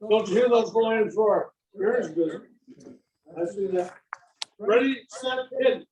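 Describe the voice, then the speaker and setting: A man's voice: high-pitched, takes it slowly, darkish tone, highs cut off. A man leading songs at a club dinner meeting, joking and rambling in a casual way. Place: dinner meeting room with members present. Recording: echoey room from far off with crowd noise.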